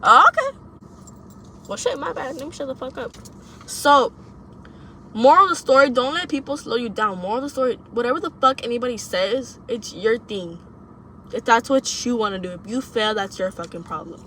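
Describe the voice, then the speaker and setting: Bright-voiced young woman, blunt and profane. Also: on the high side, a little fast, a little hiss or hum. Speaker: vlogger giving advice. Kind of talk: casual monologue to camera.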